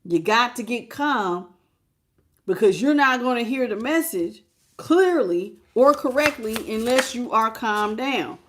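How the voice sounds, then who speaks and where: A woman's voice: on the high side, animated, unhurried. A woman tarot reader giving a preachy, emphatic spiritual pep talk in casual, repetitive speech.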